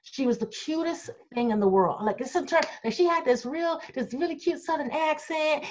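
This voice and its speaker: A woman's voice: high voice, lively intonation, brisk, few pauses, a little mellow. Blunt, outspoken middle-aged woman on a video call. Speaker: group manager answering fan questions. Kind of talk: candid Q&A chat. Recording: dull lo-fi video call audio.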